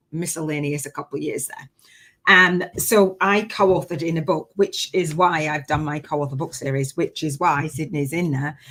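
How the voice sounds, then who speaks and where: A woman chatting casually on her live stream as a business coach, excitable and talkative, breaking into bursts of cheering. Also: low-pitched. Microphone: webcam setup with ring light.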